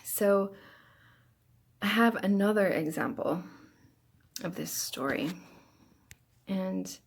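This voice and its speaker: A woman speaking as a self-help speaker in a casual personal talk, earnest, often dropping into soft near-whispers. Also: mid-range voice, takes it slowly, gravelly, breathy edge.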